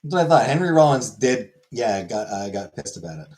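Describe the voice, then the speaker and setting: A man's voice: mid-range voice, big pitch swings, fairly quick, darkish tone. A man chatting casually on a livestream, rambling and offhand, swearing now and then.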